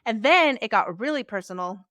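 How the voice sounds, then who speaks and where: Animated woman podcaster, dry close mic. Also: normal speed, no echo. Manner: animated, acts out quoted voices with big pitch jumps. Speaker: podcast host. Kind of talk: casual podcast chat.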